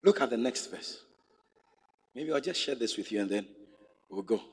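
A man's voice: mid-range voice, lively intonation, normal speed, a little hiss or hum. A male pastor preaching a sermon, emphatic and fond of repeating rhetorical questions to his congregation. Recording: echoey hall with long reverb.

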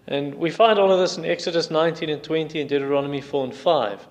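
A man's voice: fairly high pitch, fast, hardly any pauses. A male preacher delivering a sermon and retelling a story in an emphatic way. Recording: long hall reverb.

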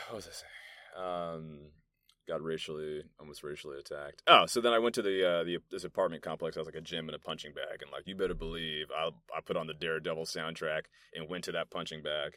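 This young man from New York speaks in a low, bright voice with a forceful tone, recorded dry in a soundproof meeting room. His casual solo podcast is a rambling, profane monologue of loose stories crammed with fillers.

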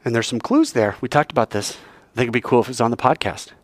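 A man's voice: medium pitch, fast, dry recording. A man giving a casual, playful sermon to young people, acting out scenes. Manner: animated, playful, acts out scenes.

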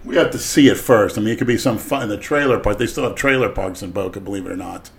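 Blunt low-voiced man, crude podcast chat. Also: fast, gravelly, a little hiss or hum. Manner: blunt, boastful, swings loud on emphasis. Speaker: podcast co-host.

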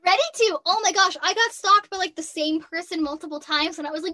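A woman's voice: very high-pitched, fast talker, few pauses, bright, forceful tone, dry recording. A woman in her twenties, a voice actress guest, chatting casually and giggling often, with a youthful-sounding voice. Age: 20s. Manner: giggly, laughs often while talking. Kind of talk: casual interview chat.

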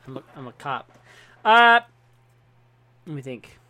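A man's voice: on the high side, big pitch swings, a little slow, sharp tone. A man serving as game master, narrating in a casual, rambling way and swearing freely. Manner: rambling, swears freely, says he has been drinking.

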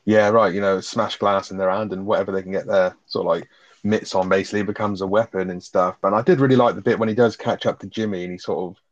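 Man, podcast co-host, fast and deep, swears a lot; dry, muffled mic. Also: fairly even intonation, no echo. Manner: swears freely, enthusiastic retelling. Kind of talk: casual film review chat.

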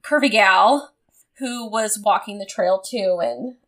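A woman's voice: medium pitch, slow pace, a bit bright. Woman co-host, resonant voice, rambling self-deprecating storyteller, casual. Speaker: podcast co-host. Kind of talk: casual chat.

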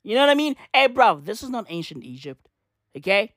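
Woman vlogger, fairly high voice, exasperated profane ranting, dry room. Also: sing-song, fairly quick, a bit bright, no echo. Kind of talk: comic rant to camera.

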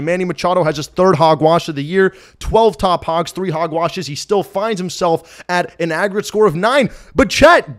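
Male stream host, high voice, excitable and loud, recaps from his apartment. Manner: hyped, shouting, loud cheering bursts. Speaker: fan postgame show host.

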